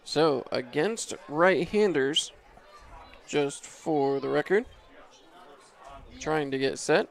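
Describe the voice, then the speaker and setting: A man's voice: fairly high pitch, lively intonation, takes it slowly, vocal fry, long pauses. A man calling baseball play-by-play from an outdoor ballpark booth, easygoing and chuckling, his voice rising sharply on big hits. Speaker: play-by-play announcer.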